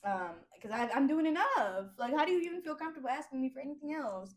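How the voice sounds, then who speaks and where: A woman's voice: high-pitched, big pitch swings, fast. A young woman with AAVE speech talking bluntly and profanely as a podcast host, in casual chat.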